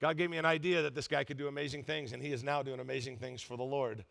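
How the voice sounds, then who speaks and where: A man's voice: medium pitch, level tone, fast, gravelly, a bit bright. A middle-aged male pastor preaching a sermon, telling a comic story with quoted voices.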